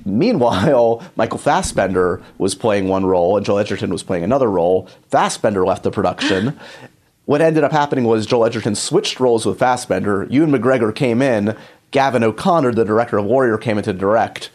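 A man's voice: on the low side, a little fast, darkish tone. Chatty upbeat male podcast host. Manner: chatty, upbeat, lots of fillers. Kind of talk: casual podcast intro and interview.

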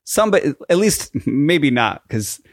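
A man's voice: fairly high pitch, sing-song, normal speed, dry recording, studio quality. A man co-hosting a podcast in playful, rambling casual chat with many fillers. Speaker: podcast co-host.

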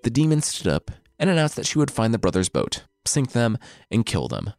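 A man's voice: medium pitch, wildly swooping pitch, brisk, creaky, darkish tone, no room sound, clean studio sound, faint music behind. A man telling a story as comedy, with irreverent, sarcastic asides.

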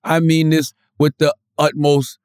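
High-voiced man in loose banter. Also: completely flat delivery, unhurried, darkish tone, clear, resonant tone, no room sound, studio quality. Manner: loose, profane, laughing banter. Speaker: podcast co-host. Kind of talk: casual chat.

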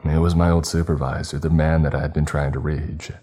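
Deep husky guy reading a creepy story, slow and grave, faint music behind. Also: little pitch movement, mellow. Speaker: horror story narrator. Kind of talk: scripted horror narration.

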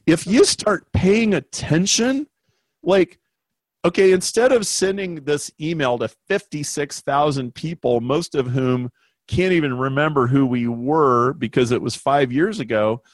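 A man, a business consultant guest, telling a story in an interview with emphatic, animated delivery. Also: a little high, a little slow, dry recording. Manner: animated, emphatic, acts out quoted voices.

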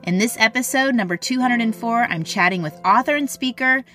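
A woman's voice: on the high side, fairly quick, a bit bright, soft background music. A woman hosting a podcast, talking in a chatty, encouraging way. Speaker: podcast host. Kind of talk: casual podcast chat and read ad.

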